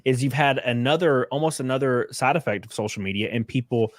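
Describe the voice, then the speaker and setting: A young man hosts a casual political livestream at a fairly quick clip, his voice clean and studio quality with no echo. He's loose and profane, mocking whatever he reads aloud and acting out the quotes with big jumps in pitch.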